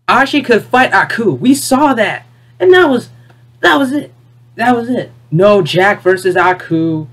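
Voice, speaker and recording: A video creator in an unscripted, exasperated rant, repeating points, firing off rhetorical questions and swinging between loud outbursts and low muttering. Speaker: video creator ranting about a cartoon finale.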